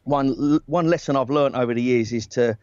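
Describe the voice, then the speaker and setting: A man's voice: mid-range voice, a little fast, darkish tone, no echo. Rambling, self-deprecating man in his forties. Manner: rambling, self-deprecating, frequent restarts and laughs. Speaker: talent agent, guest. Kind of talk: casual anecdotal chat. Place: outdoors in a hammock. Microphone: earbuds. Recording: dry, slightly dull sound.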